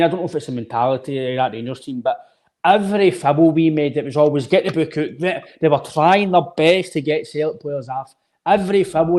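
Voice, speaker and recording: A man's voice: a little high, darkish tone. A Scottish man co-hosting a football podcast, talking emphatically in a casual chat and often calling his co-host "mate". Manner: emphatic, restarts phrases often, says "mate" a lot.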